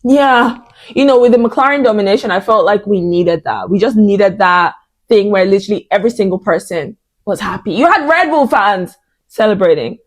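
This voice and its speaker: A young woman vlogging in a casual chat, expressive and dramatic, with lots of fillers and exclamations. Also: mid-range voice, normal speed.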